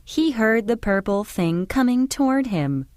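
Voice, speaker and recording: A woman narrating a children's storybook in a clear, expressive way. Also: fairly high pitch, measured pace, no room sound, studio quality.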